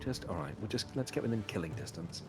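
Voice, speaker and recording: A man's voice: fairly low pitch, animated, fast talker, very noisy. A man with a British accent, chatting and joking as a guest while playing a co-op game. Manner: chatty, joking, rambling asides. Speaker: co-op guest streamer. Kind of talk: casual gaming chat. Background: game music.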